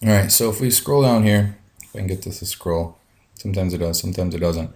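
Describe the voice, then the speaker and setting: A man with a deep, low voice teaches a math lesson over a screencast. He talks each step through out loud in a plain classroom manner, dropping frequent ums along the way. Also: fairly quick.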